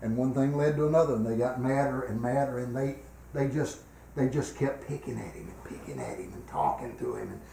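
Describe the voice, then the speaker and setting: An older man preaching a revival sermon in a church, swinging between loud, emphatic exhortation and quiet personal storytelling. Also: mid-range voice, expressive, fairly quick, creaky, slight background noise. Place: church sanctuary. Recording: echoey church room.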